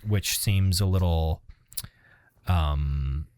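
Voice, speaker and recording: A man's voice: low-pitched, very slow, a little mellow, no room sound. A young man co-hosting a podcast, rambling casually with lots of swearing and laughter. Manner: rambling, profane, laughs at his own stories. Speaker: podcast co-host. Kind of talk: casual chat.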